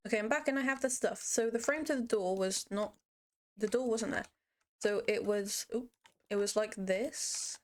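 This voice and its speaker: A young woman talks through a game building tutorial in a loose, chatty way. She wanders off topic, mocks herself, and jokes as she goes. Her voice sits at an ordinary middle pitch for a woman. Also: normal speed. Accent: puts on a mock accent at times. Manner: playful, rambling, self-mocking asides. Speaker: Minecraft build tutorial creator. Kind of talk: casual screen-recorded game tutorial.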